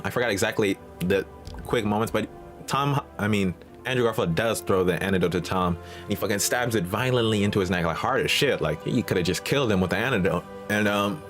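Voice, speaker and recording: A man with a fairly low but fairly bright voice hosts a movie reaction channel, recapping the plot in casual, slangy, profane, streetwise banter.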